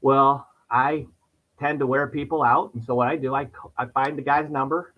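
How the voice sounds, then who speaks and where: This talkative podcast guest is a middle-aged man from New York who sells insurance, and he rambles, circling back and starting his thoughts over. His voice has a normal male pitch, fairly even intonation and a moderate pace. Sound quality is muffled and lo-fi.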